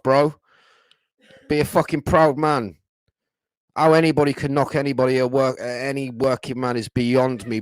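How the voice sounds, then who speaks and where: A man's voice: mid-range voice, no room sound. Man, middle-aged, livestream host, blunt, sweary, dry close sound. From England. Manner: blunt, swears a lot, loose storytelling. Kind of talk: casual livestream chat.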